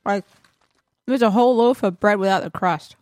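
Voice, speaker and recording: A woman's voice: mid-range voice, moderate pace, a little mellow, no echo. A woman co-hosting a podcast in a studio, chatting casually and rambling with restarts. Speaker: podcast co-host. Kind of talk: casual chat.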